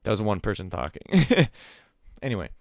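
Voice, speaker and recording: A young man hosts a casual esports podcast, chatting over a call with a remote co-host, laughing often and quoting people in playful put-on voices. His voice is on the low side, sing-song and creaky with a darkish tone, at normal speed, in a dry, studio-quality recording.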